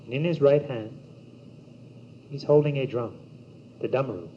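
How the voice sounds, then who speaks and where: Man, yoga teacher, slow meditative phrasing, mellow tone; dull old cassette recording. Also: mid-range voice. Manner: slow, measured, meditative delivery with long pauses. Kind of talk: spiritual teaching talk. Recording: dull old cassette tape with faint hiss.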